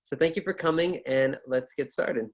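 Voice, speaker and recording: A man's voice: a little high, moderate pace. Upbeat American man teaching a lesson. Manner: upbeat, chatty, with fillers and restarts. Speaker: ESL and test-prep teacher. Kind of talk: casual online lecture.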